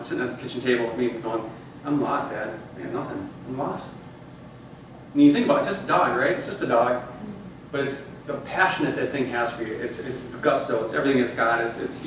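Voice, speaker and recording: A man's voice: mid-range voice, noisy background. A man in his fifties telling a personal story to a group, in a folksy, rambling way with many "you know"s. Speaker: speaker addressing a group. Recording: echoey room, voice far from mic.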